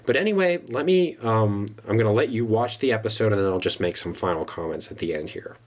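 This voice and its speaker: A man's voice: fairly low pitch, animated, fast talker. Man casually recalling his old videos. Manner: rambling, with fillers. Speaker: channel host. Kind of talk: casual commentary.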